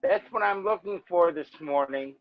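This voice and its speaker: A man's voice: high-pitched, normal speed, creaky, no room sound, highs cut off. A man giving a report at an online speaking club meeting, greeting everyone formally and speaking directly. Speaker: meeting evaluator.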